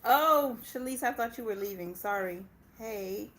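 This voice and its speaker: Chatty mom hosting a casual livestream. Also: female voice, a little high, animated, unhurried, fairly bright tone. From Indiana, US. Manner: chatty, laughs often, talks back to her kids. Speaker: personal finance channel host.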